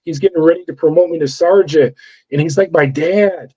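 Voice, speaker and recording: A man's voice: on the high side, brisk, warm tone, husky. A middle-aged man from California, a former corrections officer, telling his story in an interview and acting out the voices of the people in it. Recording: dull lo-fi audio.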